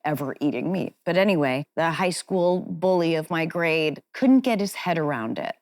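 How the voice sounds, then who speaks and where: A woman guest speaks candidly, sharing personal stories in a loose, chatty interview manner. Her voice sits on the low side for a woman, and her delivery is frank and self-deprecating. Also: expressive, moderate pace, a little mellow. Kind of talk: candid conversational storytelling.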